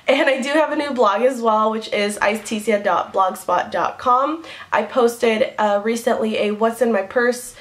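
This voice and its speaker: Giggly high-voiced young woman vlogger. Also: moderate pace. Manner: giggly, rambling, dorky. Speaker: beauty vlogger. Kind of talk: casual chat to camera.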